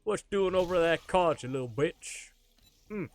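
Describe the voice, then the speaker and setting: A man's voice: on the high side, animated, moderate pace. A man chatting casually to his live-stream audience while gaming, rambling, joking and swearing offhandedly.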